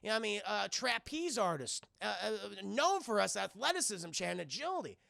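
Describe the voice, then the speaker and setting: High, gravelly, excitable male streamer. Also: brisk, no room sound, clean studio sound. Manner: excitable, profane, keeps addressing chat. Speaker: streamer and reviewer. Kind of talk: live stream recap to chat.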